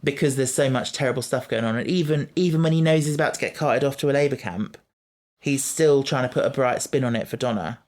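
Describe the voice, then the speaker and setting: A podcast host, chatting casually about an episode, animated and quick to quote scenes. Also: medium pitch. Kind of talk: casual chat reviewing an episode.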